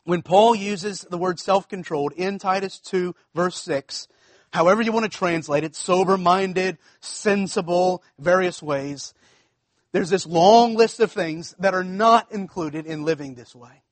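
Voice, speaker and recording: High-voiced preacher with a drawl. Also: male voice, unhurried, no room sound. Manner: conversational preaching, repeats phrases, asks congregation if it makes sense. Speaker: pastor. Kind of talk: sermon.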